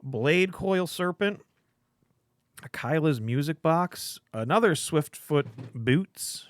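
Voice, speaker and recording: A man's voice: fairly high pitch, lively intonation, takes it slowly, dry recording. A man hosting a casual live stream from a comic shop, opening cards and rambling with jokes and filler sounds.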